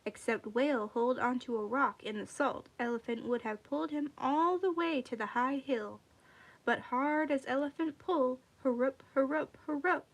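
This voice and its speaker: A woman's voice: high voice, fairly bright tone. A woman reading a folk tale aloud expressively, acting out its sound words. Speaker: storyteller.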